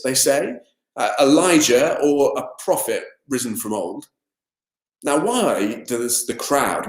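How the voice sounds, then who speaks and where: A man preaching a sermon as assistant minister, in a conversational style full of fillers and lively asides. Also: mid-range voice. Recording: echoey room.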